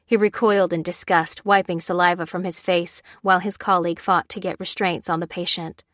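Woman narrating with a low voice. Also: no echo, studio quality. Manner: steady, measured reading. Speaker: audiobook narrator. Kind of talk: scripted narration.

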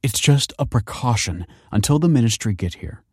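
A man's voice: mid-range voice, expressive, moderate pace, a little mellow, husky, no room sound, clean studio sound. A man reading a story aloud and voicing a stern woman school principal who speaks in a formal, officious way.

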